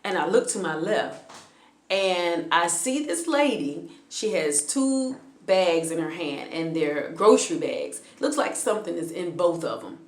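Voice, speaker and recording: A woman with a lowish voice recounts a personal story to the camera in a loose, chatty way. She often hesitates and restarts her sentences. The sound is echoey, as if recorded in a bare room. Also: expressive, unhurried. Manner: conversational, frequent hesitations and restarts. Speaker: vlogger telling a personal story. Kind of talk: casual spoken storytelling.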